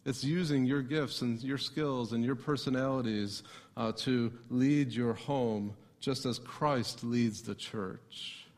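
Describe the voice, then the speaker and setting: A man's voice: medium pitch, fairly even intonation, takes it slowly, a little mellow. A man preaching a sermon as a pastor, asking the congregation rhetorical questions.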